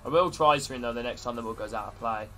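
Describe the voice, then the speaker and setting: Bright-voiced man commentating his game. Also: mid-range voice, rapid-fire, soft background music. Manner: commentating play-by-play, greeting chat viewers. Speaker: gaming streamer. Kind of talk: live-streamed video game commentary.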